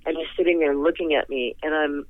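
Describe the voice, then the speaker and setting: A man guest talking on the phone, telling a long story in a rambling, animated way. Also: a little fast, no room sound. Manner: animated, rambling, jumps to high pitch in quoted reactions. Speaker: interview guest, singer. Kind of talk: casual storytelling. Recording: tinny phone line.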